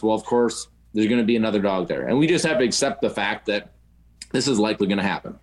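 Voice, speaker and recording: A man's voice: fairly low pitch, fast talker. A man talking casually as a dog-training guest on a podcast, rambling and often tagging "right?" and "you know" onto his sentences.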